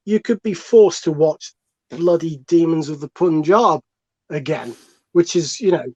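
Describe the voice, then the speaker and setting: A man's voice: on the high side, darkish tone. A man talks through a comic podcast argument, rambling and digressing and swearing freely. The sound is dull and lo-fi, and the dry recording has no room echo at all. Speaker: comedian panelist.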